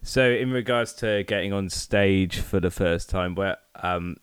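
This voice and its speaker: A man's voice: deep voice, a little slow, smooth, dry recording. A man hosting a podcast, asking questions and offering brief, encouraging interjections. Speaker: podcast host. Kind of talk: casual interview.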